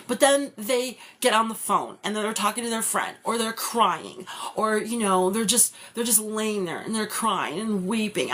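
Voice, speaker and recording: A woman's voice: mid-range voice, lively intonation, moderate pace, fairly bright tone. A woman giving a live-stream tarot reading, talking in a loose, rambling way full of "like" and "you know". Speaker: tarot reader.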